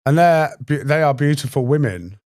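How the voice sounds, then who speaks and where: A brash man mocks and swears his way through a livestream spat. His voice sits fairly high, and the sound is close and dry, with no room around it. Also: expressive, moderate pace, a little mellow, dry recording. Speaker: livestreamer in a live battle. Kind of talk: taunting livestream banter.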